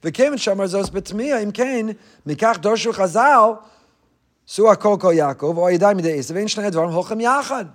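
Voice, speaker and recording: A man's voice: sits high, lively intonation, moderate pace. A man preaching a passionate, emphatic sermon in English that is full of Hebrew phrases. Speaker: rabbi.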